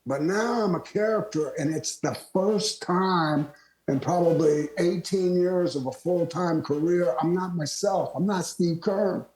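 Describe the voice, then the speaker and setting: An older man from Florida, a retired wrestler, telling lively stories as a guest and laughing often. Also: high-pitched, unhurried. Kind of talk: storytelling interview. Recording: roomy echo.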